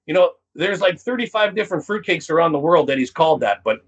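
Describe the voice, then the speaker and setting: Canadian guy telling wild backstage stories, kinda husky, pitched a bit high. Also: fast, dull audio. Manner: animated storyteller, acts out quotes in a higher voice. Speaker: comedian guest. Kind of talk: casual storytelling interview.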